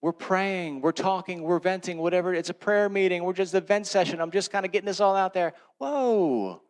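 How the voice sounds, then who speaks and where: A middle-aged man, a pastor, preaching a sermon in a conversational storytelling way, swinging between loud emphatic lines and hushed ones. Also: high-pitched, flat delivery, brisk, clear, resonant tone.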